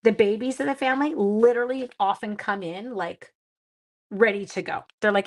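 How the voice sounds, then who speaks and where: A woman's voice: mid-range voice, moderate pace. A middle-aged woman hosting a casual crafting livestream from home, chatting to viewers by name and poking fun at her own mistakes. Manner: chatty, self-deprecating, greets viewers by name. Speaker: craft demonstrator, livestream host.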